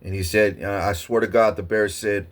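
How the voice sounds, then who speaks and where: A man with a lowish voice spins a wild personal story in casual vlog talk. He rambles and swears freely, his delivery excitable and loose. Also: normal speed. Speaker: vlogger.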